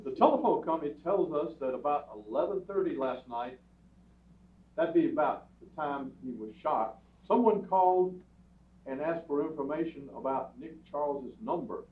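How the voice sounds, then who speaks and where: A man's voice: on the high side, expressive, moderate pace, close to an everyday voice. A man playing a matter-of-fact police lieutenant questioning a couple in a radio play. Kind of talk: community radio theatre acting. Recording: echoey hall, far from mic, phone-like.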